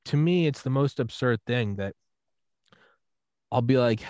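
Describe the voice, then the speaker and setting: A man in the middle of the usual pitch range talks on a podcast, casual and loose. He swears freely and jumps into acted-out quotes while he makes his point. The sound is dry and close, with no room around it. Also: measured pace, long pauses, no echo. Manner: profane, animated storytelling with acted-out quotes. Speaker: podcast host.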